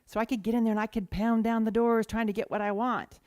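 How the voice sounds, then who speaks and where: A woman giving a sermon as a guest speaker, telling stories in an animated way. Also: fairly high pitch, fast, no room sound, clean studio sound. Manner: animated storytelling.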